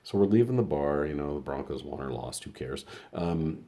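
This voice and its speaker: A man's voice: extremely low pitch, expressive, moderate pace, mellow. A middle-aged man from Colorado telling a story in a casual, rambling way, full of fillers and blunt, profane asides. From Colorado, USA. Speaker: vlog host.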